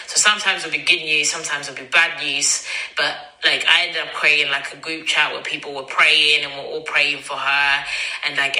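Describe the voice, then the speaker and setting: A woman's voice: low-pitched, bright, forceful tone. A woman, telling a personal story as podcast host in a chatty way, acting out dialogue and using many fillers. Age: 20s. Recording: roomy echo.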